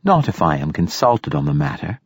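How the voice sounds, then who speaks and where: Man reading a deferential android butler, formal, calls everyone sir, slightly husky. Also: deep voice, wildly swooping pitch, brisk, no room sound, heavily acted. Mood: polite. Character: formal android manservant, polite and loyal.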